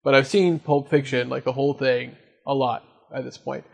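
A man's voice: medium pitch, fairly even intonation, moderate pace, creaky, slightly rough. A man hosting a casual podcast discussion, leading the talk and putting questions to his co-hosts. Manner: leads the talk, asks the others questions. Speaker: podcast host.

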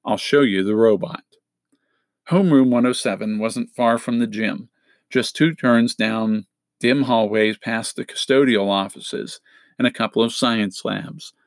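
A man reads a novel aloud in the first person, steady and wry, at a middling pitch. The sound is close and dry, with no room around it. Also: measured pace, no echo. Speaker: audiobook narrator. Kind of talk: first-person audiobook narration.

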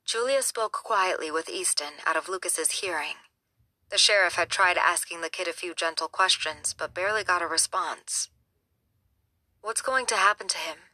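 Female audiobook narrator, steady and measured, bright lower voice. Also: no room sound. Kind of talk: scripted narration.

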